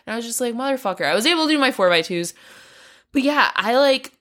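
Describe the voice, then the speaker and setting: A woman's voice: on the high side, animated, fast, fairly bright tone. Candid, swearing woman climbing vlogger. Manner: candid, profane, frequent swearing and laughs. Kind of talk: casual training vlog.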